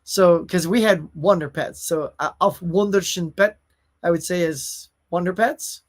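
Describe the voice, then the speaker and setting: A man's voice: high-pitched, measured pace. A man hosting a casual live stream, chatting about new movie releases and reading out viewer comments, often calling his viewers y'all. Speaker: host.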